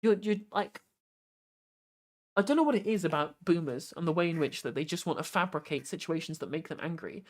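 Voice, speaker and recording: A woman's voice: sits low, animated, fairly quick, darkish tone. A woman with a British accent giving casual commentary on a live stream, conversational, with repeated false starts and dismissive asides.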